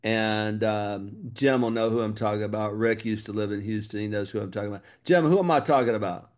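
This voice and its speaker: Energetic man coaching on marketing. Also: fairly low pitch, brisk. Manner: energetic, emphatic, repeats key words. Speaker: business coach. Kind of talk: group coaching talk.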